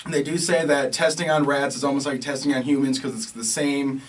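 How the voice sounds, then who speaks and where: A man's voice: medium pitch, little pitch movement, a little fast, distant mic, rough recording. A man co-hosting a podcast who rambles emphatically about food and health. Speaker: podcast co-host. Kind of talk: casual podcast chat.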